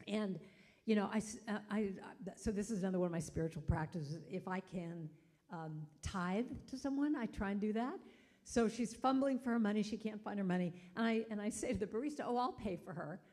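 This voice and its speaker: A middle-aged woman giving a chatty sermon, telling stories and acting out quotes. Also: on the high side. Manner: chatty, animated storytelling with acted-out quotes. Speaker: guest speaker. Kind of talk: sermon storytelling. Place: church sanctuary.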